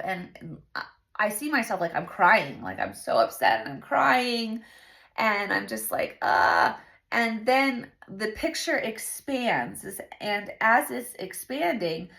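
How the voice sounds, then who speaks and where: Woman in her 30s, host, chatty faith talk, bit of vocal fry, earnest and rambly. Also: fairly high pitch, sharp tone. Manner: chatty, many fillers, earnest. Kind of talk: casual faith talk to camera.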